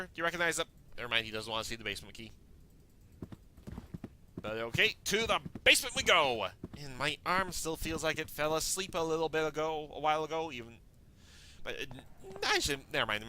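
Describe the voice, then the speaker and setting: A man's voice: on the high side, bright, forceful tone, slight background noise. Rambling young man playing a game. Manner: rambling, self-correcting, talking to himself. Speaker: gamer playing a game on video. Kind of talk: let's play commentary. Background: game music.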